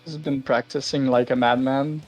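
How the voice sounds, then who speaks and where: A man co-hosting a game league stream, talking in a relaxed, casual way. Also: mid-range voice, moderate pace, lo-fi sound, faint music behind. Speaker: co-host.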